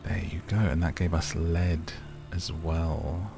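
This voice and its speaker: A soft-spoken man with a very low voice giving slow, rambling, gently amused commentary on a game to help listeners sleep. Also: steady tone, gravelly, over music. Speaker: gaming ASMR host.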